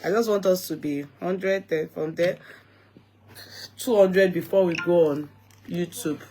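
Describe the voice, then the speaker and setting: A woman's voice: on the low side, a little slow, mellow, slight background noise. A tired Nigerian woman hosting a casual live stream, chatting to viewers with repeated greetings and bits of Pidgin. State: tired, yawning.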